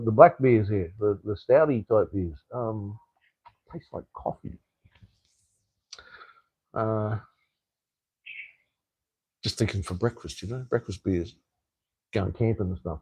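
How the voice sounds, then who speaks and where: Gravelly, rambling man. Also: lowish voice, darkish tone, no echo. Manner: rambling, swears freely, lots of ums and restarts. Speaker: livestream host. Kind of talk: casual live-stream chat.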